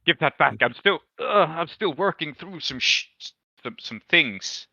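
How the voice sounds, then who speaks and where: A man's voice: a little high, lively intonation, measured pace, vocal fry, bright, forceful tone, no echo, dull audio, voice pushed up, heavily acted. A man voicing a drunk, bruised, despondent male tea seller who stammers and mumbles through his words. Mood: rattled. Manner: stammering, mumbling, self-pitying.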